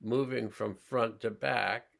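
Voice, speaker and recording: A man teaching a healing class, slowly and calmly talking listeners through sensing their body and emotions. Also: mid-range voice, vocal fry. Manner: slow, calm, pausing, guiding listeners' awareness. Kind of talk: slow guided healing demonstration.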